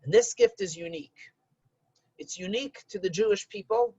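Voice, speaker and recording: A man gives a religious lesson as a rabbi, telling stories in a loose conversational way. His pitch swings widely and his voice has a gravelly edge. The recording is dry and somewhat dull. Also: moderate pace, no room sound. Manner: conversational, animated storytelling.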